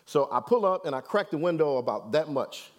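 Male pastor, storytelling sermon, chatty check-ins, somewhat high voice. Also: lively intonation, brisk. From Detroit, USA. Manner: conversational, keeps checking in with "right?".

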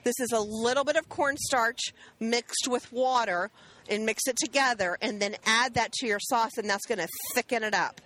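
Woman cooking host, middle-aged, bright forceful tone, chatty step-by-step explainer. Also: a little high, normal speed, poor audio. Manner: chatty, explains steps to viewers. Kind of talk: casual cooking demonstration.

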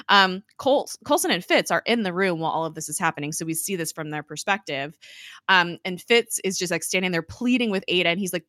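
A woman's voice: medium pitch, lively intonation, a little fast, bright, forceful tone, dry recording, studio quality. A young woman in casual chat, recapping a TV episode and paraphrasing the characters with lots of "like". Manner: chatty, peppers speech with "like", paraphrases characters' lines. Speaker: podcast host recapping a TV episode.

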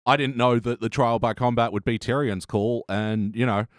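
A man co-hosting a podcast in casual chat, laughing easily and tossing out quick wisecracks. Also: medium pitch, steady tone, dry recording, studio quality. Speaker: podcast co-host.

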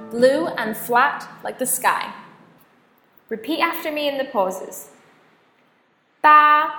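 A woman teaching a beginners' language lesson, hosting the show and drilling sounds with clear, exaggerated tones and pauses for repeating. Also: on the high side, fairly bright tone, reverberant. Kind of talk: slow drilled pronunciation lesson.

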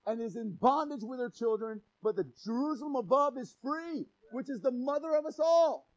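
Here a high-voiced pastor delivers a sermon at normal speed with hardly any pauses, joking playfully and animatedly with the congregation. He shouts key phrases for emphasis, and the audio is poor.

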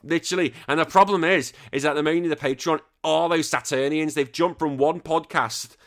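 A man from northern England, near Liverpool, hosting a podcast and answering listener questions in sweary, joking, animated rants. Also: fairly high pitch, fairly quick. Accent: Northern English, near Liverpool. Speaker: podcast host. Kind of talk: casual chat reading listener questions.

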